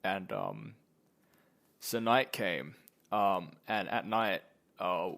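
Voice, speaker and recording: A man's voice: low-pitched, very animated, drawn-out words, gravelly, fairly bright tone. A young man telling a story casually, rambling and profane, with lots of fillers. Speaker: vlogger.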